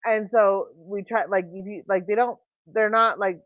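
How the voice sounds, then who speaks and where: A woman hosting a livestream, talking in casual chat and telling rambling, animated stories full of restarts. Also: medium pitch, moderate pace, dry recording, highs cut off. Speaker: livestream host.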